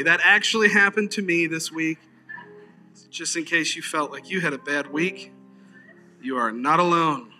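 Male pastor: bright, lively storyteller preaching to his church, peppers talk with amens. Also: on the high side. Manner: conversational, animated storyteller, frequent "amen". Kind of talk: sermon. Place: church service.

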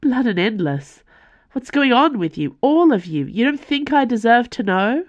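A woman's voice: low-pitched, unhurried, no echo, lo-fi sound. A woman voicing a furious young male assassin whose voice trembles with anger as he accuses a former mentor. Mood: angry.

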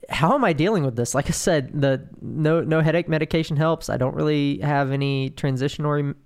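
Gravelly man speaking candidly. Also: mid-range voice. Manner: candid, halting, many restarts and fillers. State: in withdrawal pain, slowed. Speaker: podcast host. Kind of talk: personal monologue.

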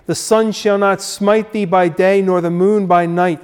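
A man preaching a sermon, slow and emphatic, repeating his key phrases and dramatically acting out the quoted figures. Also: high-pitched, steady tone, darkish tone, clean tone.

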